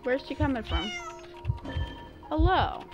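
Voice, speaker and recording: A young woman chats playfully through a live game stream, giggling and humming silly made-up tunes. Her voice sits high and her pace is slow and easy. Faint game music plays underneath. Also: animated, dull audio. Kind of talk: casual live-stream chatter while gaming.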